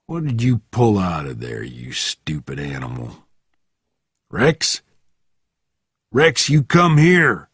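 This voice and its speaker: A man's voice: rumbling low, big pitch swings, unhurried, husky, dry recording, clean studio sound, pitched below the performer's own voice, heavily acted. A man doing a Southern US cart driver. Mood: scolding. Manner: quiet then yelling at a dog. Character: cart driver, grown man, gruff with dog.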